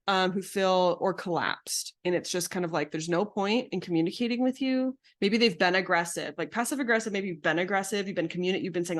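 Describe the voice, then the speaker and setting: Chatty woman therapist teaching live. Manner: casual, explanatory, many fillers and restarts; acts out quoted lines with sudden high pitch. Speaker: psychotherapist and betrayal coach.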